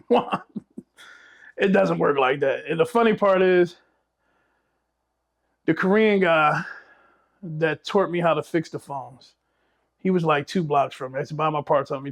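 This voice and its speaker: A man's voice: fairly high pitch, vocal fry. A man, a business owner telling blunt, profane stories in a casual podcast chat.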